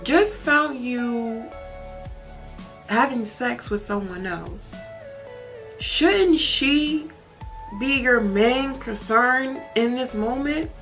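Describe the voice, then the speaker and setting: A woman's voice: a little high, expressive, extremely slow, pauses often, a bit bright, faint music behind. A woman telling a personal story in a storytime vlog, emotional and candid, swearing and saying "like" often. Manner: emotional, candid, heavy use of "like" and profanity. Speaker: vlogger.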